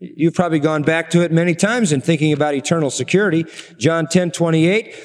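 A middle-aged man preaching a sermon, slowing down for emphasis and asking the congregation rhetorical questions. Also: fairly high pitch, big-room sound.

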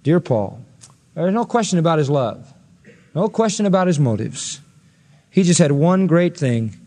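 A man's voice: on the high side, sing-song, normal speed, mellow, big-room sound. A male pastor preaching an expository sermon, earnest and rising to emphatic peaks when quoting scripture.

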